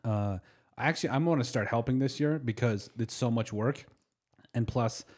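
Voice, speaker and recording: A man's voice: medium pitch, normal speed, darkish tone. A man hosting a casual podcast chat with friends, rambling and often trailing off and restarting. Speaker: podcast host.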